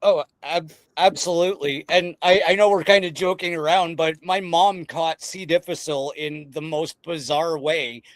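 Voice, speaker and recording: A man hosting a casual podcast chat, excitable and rambling, often breaking into laughter. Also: fairly high pitch, moderate pace, hardly any pauses, no echo. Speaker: podcast host.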